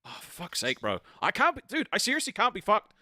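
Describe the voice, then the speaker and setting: Fast aggrieved man, bright dry voice. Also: sits high, huge pitch swings, no echo. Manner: aggrieved, defensive, swearing. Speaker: co-host of a stream. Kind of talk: heated argument on stream.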